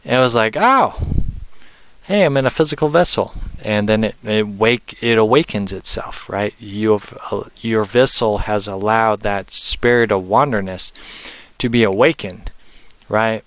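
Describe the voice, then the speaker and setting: Lowish, smooth-voiced man teaching casually. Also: steady tone, a little slow, a bit bright, no echo. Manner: rambling, frequent "um" and "right?"; puts on brief high voices for spirits. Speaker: spiritual teacher. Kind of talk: casual spoken presentation.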